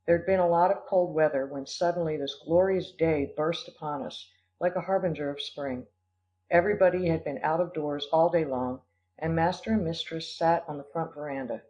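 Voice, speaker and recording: A man giving a measured, scripted audiobook narration. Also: on the high side, a little mellow. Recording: dull lo-fi audio.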